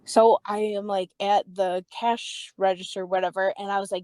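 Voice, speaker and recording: A woman's voice: fairly even intonation, fairly quick, hardly any pauses, a little mellow, no room sound. A young woman hosting a podcast, telling a story in a casual, heated way, swearing freely, saying "like" often and acting out the voices in her story. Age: young adult. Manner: reenacts dialogue with raised pitch. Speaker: podcast host.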